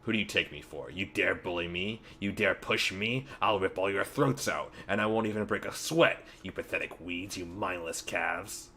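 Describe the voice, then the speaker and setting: A man reading aloud the lines of a gruff, rich older factory boss in a game. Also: low voice, fairly quick, pushed and bright, slight background noise. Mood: dismissive. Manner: reads game dialogue aloud, dismissive.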